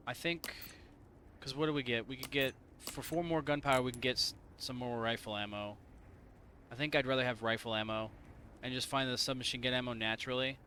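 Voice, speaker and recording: A man's voice: mid-range voice, steady tone, fairly quick, bright, forceful tone, a little hiss or hum. A man from Indiana giving casual, profane, rambling let's-play commentary to his viewers. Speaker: gaming streamer.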